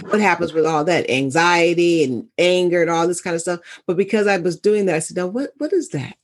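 A woman in casual conversation, speaking reflectively and with animated storytelling as a wellness coach. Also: mid-range voice.

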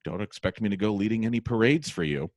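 A man doing a curt, flat-voiced mom. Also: lowish voice, fast, no echo, clean studio sound, lightly acted. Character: stern, flat-voiced middle-aged mother.

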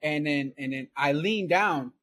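A man's voice: fairly high pitch, a little slow, a bit bright, a little hiss or hum. A middle-aged man telling a long, rambling story in casual chat, laughing often and tagging "right?" and "man" onto his lines. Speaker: podcast guest storyteller.

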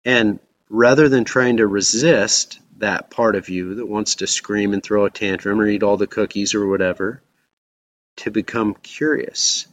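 A man's voice: lowish voice, fairly even intonation, measured pace, slight background noise. A man preaching a reflective sermon as a pastor.

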